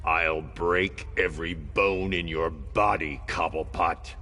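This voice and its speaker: An actor playing a grim masked vigilante in a video game, with a gravelly, growling voice. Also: male voice, deep voice, fairly even intonation, slow, bright, forceful tone, full character voice. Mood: menacing. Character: grim brooding male masked vigilante, menacing. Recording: game audio with reverb and music.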